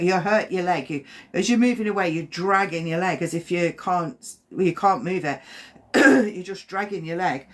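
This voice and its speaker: A woman giving a live spirit reading as a medium, talking in a halting, gentle and reassuring way with frequent repeats. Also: lowish voice.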